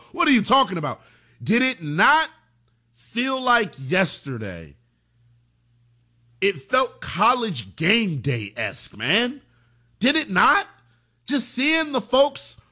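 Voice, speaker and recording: A young man hosting a sports talk show, his fairly high voice swinging widely in pitch. He talks in an excitable, folksy way, swears casually and drops low for quick asides. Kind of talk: animated sports talk monologue.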